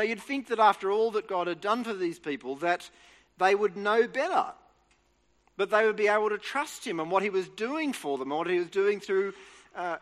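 A man's voice: sits high, a bit bright. A man giving an earnest, explanatory Bible teaching talk, restarting phrases as he goes. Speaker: preacher. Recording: reverberant hall.

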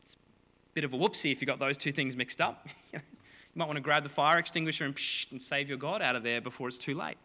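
A man's voice: mid-range voice, fast, pushed and bright. A man preaching a sermon to a congregation, reading scripture and explaining it with playful, joking asides. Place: large hall before a congregation. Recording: long hall reverb.

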